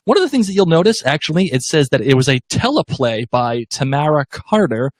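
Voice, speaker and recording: A man's voice: a little high, big pitch swings, fairly quick, no echo, studio quality. Chatty man reading out listener comments. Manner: reads listener comments aloud, laughs often. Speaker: podcast co-host. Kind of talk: casual chat on a live-streamed podcast.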